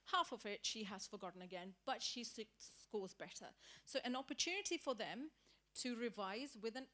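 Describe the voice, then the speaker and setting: A woman teacher leading a training workshop, talking lively and acting out short example dialogues for the group. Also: fairly high pitch. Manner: animated, acts out example dialogues. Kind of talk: workshop presentation.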